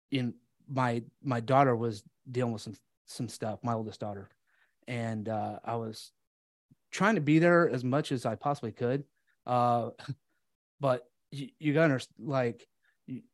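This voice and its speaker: A man on a podcast telling a painful personal story candidly, halting with fillers and restarts, sometimes swearing. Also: mid-range voice, no room sound, clean studio sound. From United States.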